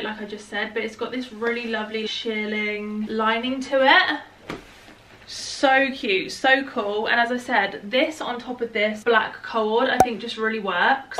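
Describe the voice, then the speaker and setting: A woman's voice: on the high side, pushed and bright, distant mic. A young woman with a chatty, gushing manner, showing off clothes in a casual try-on haul. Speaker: fashion haul vlogger. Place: home, indoors.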